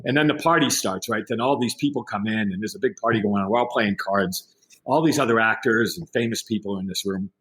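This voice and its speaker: Speaking briskly in a fairly low voice, a middle-aged man appearing as a podcast guest spins an animated anecdote, doing the voices of the people in it during casual talk.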